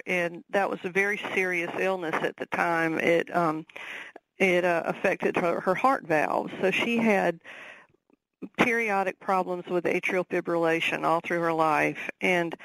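A woman with a Southern accent, an author speaking as a radio guest, talking in a halting way with many ums and restarts. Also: fairly low pitch, vocal fry, fairly bright tone, dry recording, rough recording. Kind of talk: radio interview.

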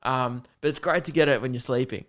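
A man's voice: medium pitch, steady tone, fairly quick, fairly bright tone. A young man hosting a solo podcast, telling stories in a rambling, casual way with lots of fillers and swearing. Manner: rambling, chatty storytelling with frequent fillers and swearing. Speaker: podcast host.

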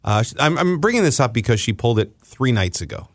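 A man's voice: mid-range voice, big pitch swings, quick pace, no room sound, clean studio sound. Chuckling man telling a rambling story. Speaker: podcast co-host. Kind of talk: casual chat.

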